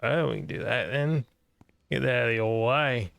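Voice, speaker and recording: A man's voice: medium pitch, moderate pace, creaky, a bit bright, no room sound. A man giving casual let's-play commentary, sounding tired and mumbly, with offhand swearing. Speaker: gaming streamer.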